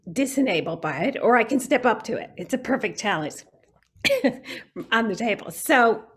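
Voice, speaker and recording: A woman's voice: on the high side, animated, normal speed, fairly bright tone, slightly rough. Earnest woman speaking on a video call. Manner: earnest, reflective, with restarts. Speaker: guest speaker. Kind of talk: online talk on self-care. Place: home, online meeting.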